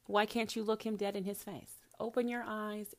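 A woman's voice: mid-range voice, level tone, moderate pace. A woman calling herself a prophetess gives a casual spiritual talk to the camera. She is intimate and coaxing, calls the listener honey, swears casually and sometimes drops to a whisper. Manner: drops into soft whispers at times. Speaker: self-described prophetess.

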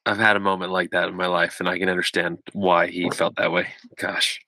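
A man's voice: sits low, flat delivery, a little fast, vocal fry, sharp tone, no echo. A man hosting a podcast, reacting briefly and sharing reflective thoughts. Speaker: podcast host. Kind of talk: casual interview chat.

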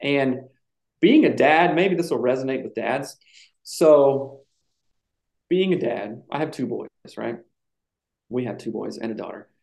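A man's voice: mid-range voice, a little slow, gravelly, pauses often, a little mellow. A man telling a personal story in casual chat, reflective and emotional at times. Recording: echoey room.

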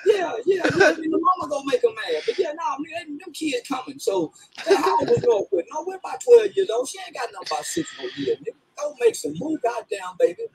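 A man's voice: extremely high pitch, big pitch swings, a little fast, gravelly, a crowd in the background, rough recording. A man ranting profanely and comically, laughing and half-crying through his words. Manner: rants, laughing as he talks. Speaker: commentator in a played clip.

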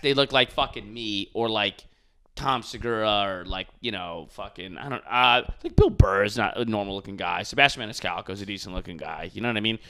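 A man's voice: lowish voice, sharp tone, clean tone. A man, a comedian, hosting a casual podcast chat, ranting with profanity.

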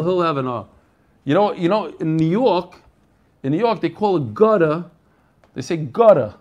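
The audio is dull as an American man with a slightly high voice leads a Talmud class. He sings out the Aramaic text, then unpacks it in relaxed English while chatting with his students.

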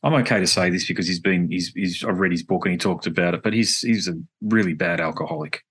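An Australian man with a very low voice talks quickly in a loose, rambling way, often circling back to fix what he just said. He is hosting a podcast in casual conversation. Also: fairly bright tone, husky. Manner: rambling, self-correcting storyteller. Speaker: podcast host. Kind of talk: casual chat.

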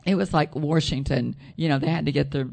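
A woman telling a personal story in casual chat, soft-voiced, rambling and correcting herself as she goes. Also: deep voice, fairly quick, creaky. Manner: rambling, self-correcting storyteller with frequent laughs.

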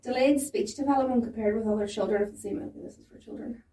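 A young woman, a stand-up comic, talks fast and animatedly and swears freely. Her voice sits a little high. She sounds roomy and set back from the mic. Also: distant mic, slight background noise. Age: 20s. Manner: animated, swearing, quick storytelling. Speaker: stand-up comedian. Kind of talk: casual podcast chat.

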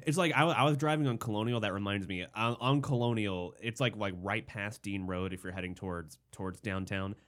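A man's voice: fairly low pitch, a little fast, few pauses, fairly bright tone. A man co-hosting a casual podcast chat, asking questions and laughing along with the others. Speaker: podcast co-host.

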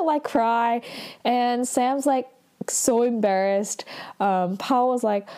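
A woman chatting casually as she recaps a show, full of "like" fillers and excited asides. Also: on the high side, slow. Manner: chatty, fills talk with "like", acts out characters' lines and squeals in delight. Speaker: drama recap vlogger.

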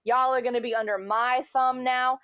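A woman putting on a vain good witch who gloats in a lilting singsong, her voice lifted well above her usual pitch. The recording is dry and a touch dull. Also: fairly even intonation, moderate pace, smooth, dry recording, lightly acted. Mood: smug.

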